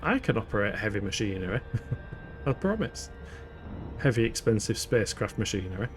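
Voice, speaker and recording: This streamer has a lowish, very animated voice and talks at a moderate pace as he plays, with game music running beneath him. He keeps the live commentary chatty, cursing often, laughing and teasing himself.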